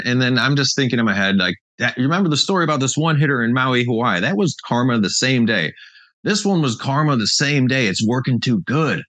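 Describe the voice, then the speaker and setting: A man's voice: mid-range voice, animated, brisk, fairly bright tone, dry recording. A man hosting a casual chat, telling rambling stories and laughing often. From British Columbia, Canada. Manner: laid-back rambling storyteller, laughs often. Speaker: show host.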